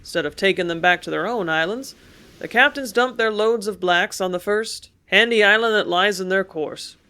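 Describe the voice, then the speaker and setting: A woman reading an audiobook, voicing a blunt old sea-captain father who explains things loudly and begrudgingly. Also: high voice, normal speed, smooth.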